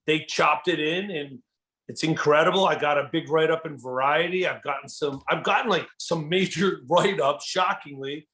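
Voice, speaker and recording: A man, a guest comedian, telling a story in animated, enthusiastic casual chat, often saying "dude". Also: on the high side, normal speed.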